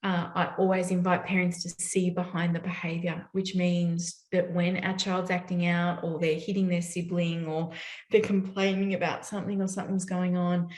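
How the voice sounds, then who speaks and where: A woman's voice: on the low side, flat delivery, normal speed, darkish tone. A woman giving a conversational parenting talk, often asking "right?" to check in with her listeners. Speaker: parenting educator. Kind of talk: summit talk. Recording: roomy echo.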